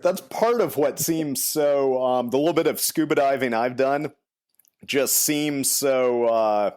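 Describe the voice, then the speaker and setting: A man's voice: mid-range voice, slow, darkish tone. A man hosting a podcast interview, asking questions in a thoughtful, hesitant way with fillers. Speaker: podcast host. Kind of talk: casual interview.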